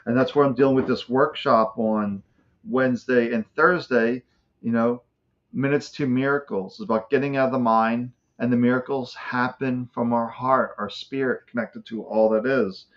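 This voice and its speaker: A man offers spiritual guidance to a viewer in a soothing, reassuring way. His voice sits at an ordinary middle pitch. The audio sounds a little dull and lo-fi. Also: steady tone, normal speed. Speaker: psychic reader, co-host. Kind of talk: live-stream card reading. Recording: muffled lo-fi stream audio.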